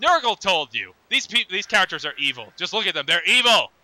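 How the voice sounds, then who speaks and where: A man's voice: high-pitched, expressive, fast talker, pushed and bright, slight background noise. A young man reading game dialogue aloud with sarcastic, jokey commentary in a let's play. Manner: sarcastic, jokey, mock voices for characters. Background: game music.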